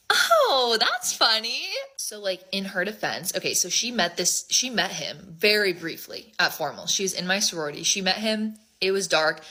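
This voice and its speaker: A woman's voice: fairly low pitch, pushed and bright. A young woman telling a storytime in a casual, chatty way, full of "like".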